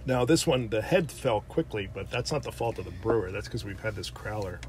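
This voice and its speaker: A man's voice: fairly low pitch, fairly quick, darkish tone, slight background noise. A man, co-hosting a casual beer tasting chat, joking and explaining beer styles at length. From New Jersey. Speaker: beer vlog co-host.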